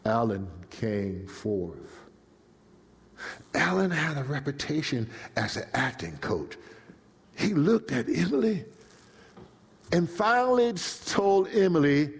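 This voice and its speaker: A male preacher telling a story in a dramatic sermon, swinging from hushed to shouting. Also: fairly high pitch, very animated, slow pace, pauses often. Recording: long reverb in a large hall.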